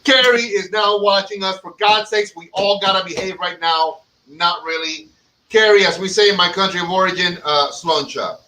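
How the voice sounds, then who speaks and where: A man co-hosting a casual chat, joking loudly and swearing a lot. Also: high voice, steady tone, moderate pace. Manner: loud, joking, swears a lot, jumps into shouts. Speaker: podcast co-host. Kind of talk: casual profane banter. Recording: distant mic with faint background noise.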